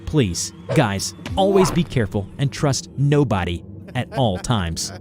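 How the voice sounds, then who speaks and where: Man, first-person horror story narration, animated pitch, faint background music. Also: a little slow.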